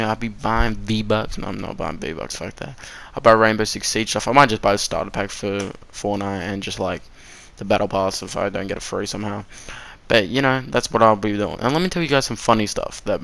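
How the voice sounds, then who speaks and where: A teenage boy rambles through a casual story time, swearing freely and laughing at his own slips. His voice sits fairly low for his age and comes through smooth and clean. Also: a bit bright. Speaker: vlogger.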